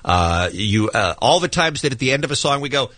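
Lively bright-voiced radio host man. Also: mid-range voice, brisk, dry recording. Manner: lively, joking, teasing. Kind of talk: morning radio banter. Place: radio studio.

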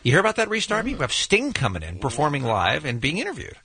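A man's voice: a little high, fast, husky, no echo. A man hosting a morning radio show, chatting with a guest and reading promos. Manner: chatty, reads promos, lively. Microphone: studio mic.

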